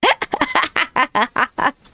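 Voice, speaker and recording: An American woman streams from home in a high, animated voice that swoops up and down as she rambles. Her tone is bright, she laughs a lot, and the sound is close and dry. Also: very slow, dry recording. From United States. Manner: rambling, chatty, laughs often, answers chat. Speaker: VTuber streamer. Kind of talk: casual livestream chat.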